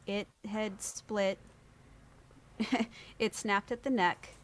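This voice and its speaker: A female podcast guest speaks very slowly in a medium-pitched voice, sharing a personal tale in lively back-and-forth and acting out the voices of people she quotes.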